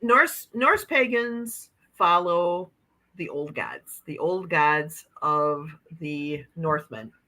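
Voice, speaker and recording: Midwestern woman guest, low-ish bright voice, chatty, video call chat. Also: animated, drawn-out words. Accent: Upper Midwest American. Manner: chatty, laughs often, frequent restarts. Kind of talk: casual chat.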